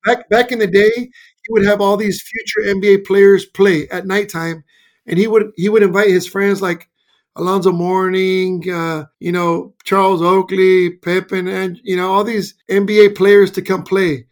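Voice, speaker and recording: A man's voice: high-pitched, normal speed, poor audio. A man from Mexico, a basketball coach, telling stories as a guest in a casual interview, acting out the quotes in his stories. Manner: animated storyteller, acts out quotes.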